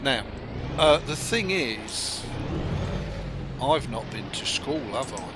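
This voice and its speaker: A man giving rambling, self-deprecating live commentary as he streams a truck driving game, stopping now and then to cough or clear his throat. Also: medium pitch, expressive, slow. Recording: loud noise behind the voice.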